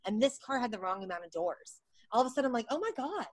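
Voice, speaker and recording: A middle-aged woman telling stories on a podcast as a guest. She is animated and self-mocking and acts out what people said. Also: medium pitch, very fast, no room sound. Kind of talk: casual storytelling chat.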